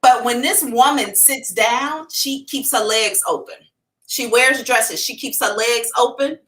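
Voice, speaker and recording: Bright-voiced blunt woman psychic. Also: fairly high pitch, measured pace. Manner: blunt and profane, animated storytelling. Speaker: psychic reader hosting a live stream. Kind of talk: casual live reading.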